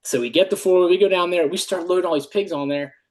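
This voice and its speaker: A man's voice: high voice, quick pace. Middle-aged man telling rowdy stories. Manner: lively storyteller, swears, laughs often. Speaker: podcast guest, retired army dog handler. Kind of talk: casual storytelling chat.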